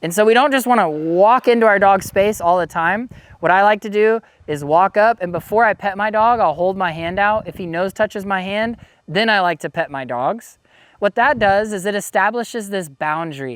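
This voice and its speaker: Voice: mid-range voice, normal speed, a bit bright, clean tone, dry recording. A dog trainer giving a casual instructional talk, easygoing and explanatory, often saying "you know".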